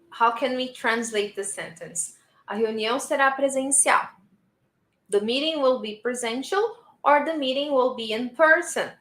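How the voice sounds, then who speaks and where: Woman English teacher, bright tone, unhurried, repeats sentences for learners, echoey room. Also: fairly high pitch. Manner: patient, repeats model sentences for the class. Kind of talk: live online English lesson. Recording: roomy echo.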